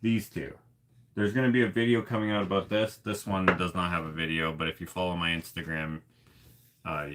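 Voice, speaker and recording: Rambling man with a bright, forceful voice. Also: fairly low pitch. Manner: rambling, self-deprecating, laughs often. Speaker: artist vlogger. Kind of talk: casual rambling vlog chat.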